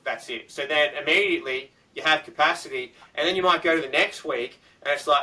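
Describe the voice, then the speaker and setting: Bright-voiced man, off-mic. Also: on the high side, fairly quick, hardly any pauses, far from the mic, low-quality recording. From Australia. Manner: explains with plain everyday examples. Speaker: podcast co-host. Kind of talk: casual chat.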